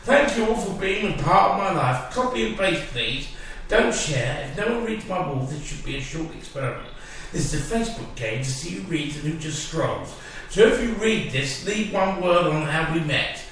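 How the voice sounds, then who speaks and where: A man co-hosting a podcast in casual banter, dry and deadpan, recorded from a distant mic in an echoey room. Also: a little high, normal speed, few pauses, slight background noise.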